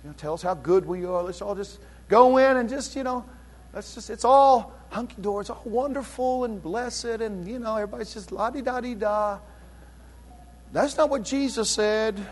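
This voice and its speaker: A preacher, a man with a high-pitched voice, delivering his sermon. He swings between quiet, slow, drawn-out phrases and sudden loud, rapid surges. He keeps calling back to the congregation. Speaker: pastor.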